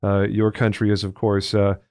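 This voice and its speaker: A man's voice: on the low side, completely flat delivery, normal speed, a little mellow, clear, resonant tone, dry recording, clean studio sound. A man from Texas who hosts a podcast and talks in a chatty, joking, friendly way. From Texas, United States. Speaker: podcast host. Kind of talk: casual interview chat.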